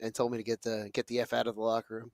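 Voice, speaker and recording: A man telling stories on a casual hockey podcast, halting with fillers. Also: mid-range voice, monotone, gravelly, dry recording. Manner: anecdotal, halting. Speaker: podcast co-host. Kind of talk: casual storytelling chat.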